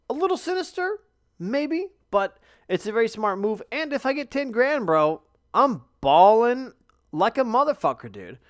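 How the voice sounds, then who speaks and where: A man's voice: high voice, dry recording, clean studio sound. A young man hosting a casual solo podcast, rambling and swearing constantly, tired and yawning. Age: young adult. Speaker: podcast host.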